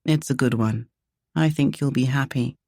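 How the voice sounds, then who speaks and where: A woman voicing a charming, secretive male aristocrat who speaks smoothly and calmly. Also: mid-range voice, normal speed, no echo, studio quality, pitched below the performer's own voice. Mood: reassuring.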